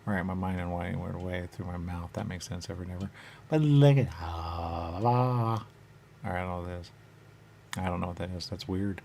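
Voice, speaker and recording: Deep gravelly man, rambling. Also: darkish tone, a little hiss or hum. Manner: repetitive, halting, circles back on phrases. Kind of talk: rambling trance-like monologue.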